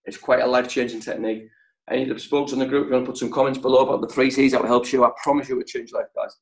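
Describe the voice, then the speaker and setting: A man leading a sales training session over a video call, speaking in short, punchy phrases with deliberate pauses. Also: mid-range voice, little pitch movement, darkish tone, rough recording. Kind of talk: motivational training talk.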